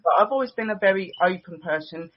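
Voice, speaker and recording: Husky woman hosting a chat show. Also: on the low side, lively intonation, fast, muffled recording. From United Kingdom. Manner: chatty, enthusiastic, says "guys" a lot. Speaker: show host. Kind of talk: casual online talk show.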